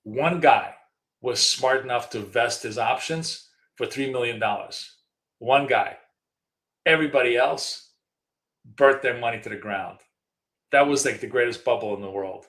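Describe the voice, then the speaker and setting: A man's voice: medium pitch, a little slow, pauses often, fairly bright tone. Chatty middle-aged man, echoey room. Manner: chatty storyteller, frequent fillers and restarts. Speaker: trading show co-host. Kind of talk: casual live trading chat.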